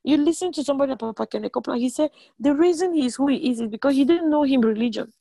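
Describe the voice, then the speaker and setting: A woman preaching a sermon, animated and emphatic, repeating lines and jumping in pitch. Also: rapid-fire, gravelly, dry recording.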